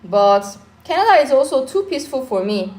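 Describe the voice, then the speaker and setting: A woman's voice: high-pitched, very animated, moderate pace, darkish tone. Woman, reflective, roomy echo. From Korea. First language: Korean. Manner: reflective, earnest, mixes in pidgin phrases. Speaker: livestream co-host. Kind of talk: casual live chat. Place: home during a power cut.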